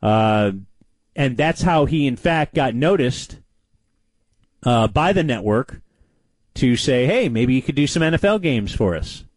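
A man co-hosting a casual sports chat show, telling stories with animated delivery. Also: measured pace, no room sound, poor audio. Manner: animated storyteller, lively pitch. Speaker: co-host.

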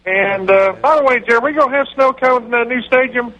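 A man voicing a dim, rambling football coach who talks in a slow, dopey drawl. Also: very high voice, dull audio. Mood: goofy. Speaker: impression on a radio comedy bit.

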